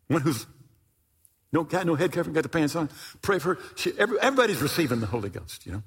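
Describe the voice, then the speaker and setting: An older man delivers a sermon, telling a story with lively swings of pitch and sudden shouted peaks. His voice is a little husky and sits on the high side for a man. A long hall reverb trails each phrase. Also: fast. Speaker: pastor.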